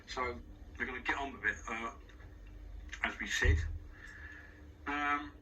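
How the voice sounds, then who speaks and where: Man, London accent, interview guest; very bright, sharp voice, set back from the mic over faint noise; rambling, frank, swears. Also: mid-range voice, takes it slowly, recorded from a distance, soft background music, rough recording. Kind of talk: casual spoken monologue. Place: studio. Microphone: wearing headphones.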